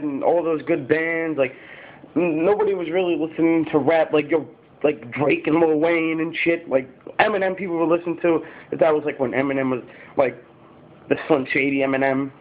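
A fifteen-year-old boy chatting casually to camera, rambling with lots of fillers and swearing. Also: fairly high pitch. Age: teenager, fifteen. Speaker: YouTuber. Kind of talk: casual vlog talk to camera. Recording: tinny phone-like sound.

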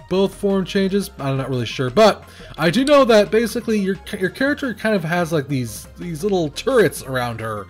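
A man giving casual commentary over a video game he is playing, rambling and hesitant with many fillers, and breaking into nervous exclamations when the action gets hectic. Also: sits high. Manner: nervous exclamations under pressure. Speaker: game reviewer.

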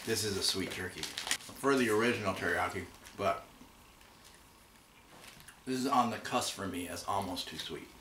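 A man co-hosting a casual taste-test chat, relaxed and thinking aloud as he compares flavors. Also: sits low, normal speed, pauses often. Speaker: co-host. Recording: roomy room, mic a bit far, faint noise.

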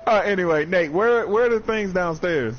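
A man's voice: high voice, normal speed. A man teasing and goading a friend during a game session. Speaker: fellow player. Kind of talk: casual gaming chat. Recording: muffled voice chat with faint noise.

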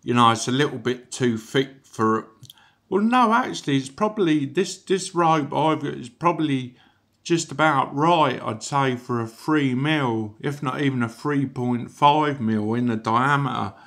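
Bloke chatting away in a casual review, rambly, lots of you-knows, average pitch. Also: male voice, measured pace, fairly bright tone. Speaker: vape product reviewer.

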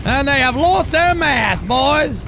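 High, gravelly man barking ship commands. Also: expressive, takes it slowly, background noise. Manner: boisterous, barking commands and laughing. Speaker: streamer playing a pirate ship captain. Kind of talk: gaming stream commentary.

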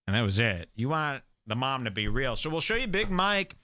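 A man's voice: mid-range voice, big pitch swings, fairly quick, hardly any pauses, sharp tone, no echo. A man hosting a comedic talk show, ranting in a crude, mocking, gossipy manner. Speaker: radio show host.

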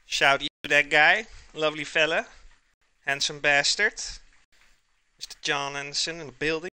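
A man's voice: a little high, fairly even intonation, moderate pace, pushed and bright, smooth, no room sound. A man cooking on a live stream, chatting casually and joking with his chat as he reads it aloud. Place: home kitchen.

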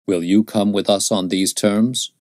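A man's voice: fairly low pitch, fairly even intonation, a little slow, a little mellow, no echo, clean studio sound, natural voice. A man doing a grave, commanding leader. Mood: solemn. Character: stern young male leader of a pilgrim band. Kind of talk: audiobook character voice.

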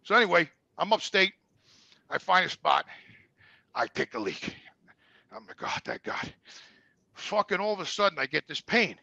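A man's voice: high voice, expressive, moderate pace, creaky, pushed and bright, no echo, lo-fi sound. A middle-aged man, a truck driver, telling long blunt stories with constant swearing in a rambling, casual way. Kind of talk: casual storytelling.

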